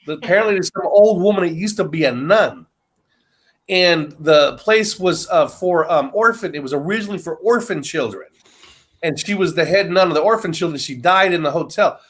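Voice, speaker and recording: A man in a casual podcast chat, telling an animated story, swearing freely and acting out what people said. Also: on the high side, moderate pace. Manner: animated storyteller who swears and acts out quotes.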